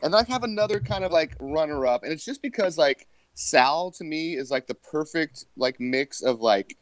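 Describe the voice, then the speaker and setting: Male podcast guest: rambling, giggly, animated, close and dry. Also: on the high side, normal speed, no echo, rough recording. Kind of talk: casual chat about a horror film.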